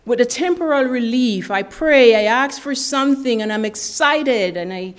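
A woman preaching a sermon, measured and earnest, leaving long pauses for effect. Her voice sits a little high, and she takes her time over every phrase. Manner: slow, deliberate and earnest, with dramatic pauses. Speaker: speaker at a women's ministry gathering.

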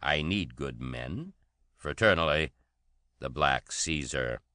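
A scheming villain, as a man puts him on speaks in a very deep, deliberate voice. He sounds formal and self-assured. The recording is dry and close. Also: animated, bright, forceful tone, clean tone, dry recording, heavily acted. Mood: menacing. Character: scheming male villain, smooth and grand.

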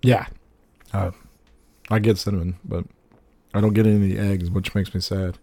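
A man in his thirties on a casual podcast, animated and swearing freely, laughing often. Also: low-pitched, moderate pace, dry recording. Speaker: podcast co-host.

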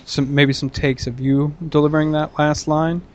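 A man hosting a podcast with loose, excitable banter and plenty of swearing. His voice sits a little high for a man. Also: moderate pace. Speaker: podcast host.

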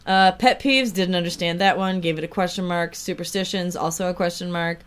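A woman's voice: fairly low pitch, steady tone, fairly quick, clean tone. A young woman co-hosting a podcast, reading out answers with profane, laughing remarks. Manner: profane, laughing, reads questionnaire answers aloud. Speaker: podcast co-host. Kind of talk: casual chat.

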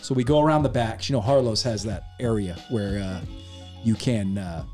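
A middle-aged man co-hosting a podcast, telling a story in a lively, casual way and cursing freely. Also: on the low side, moderate pace, faint music behind. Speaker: podcast co-host.

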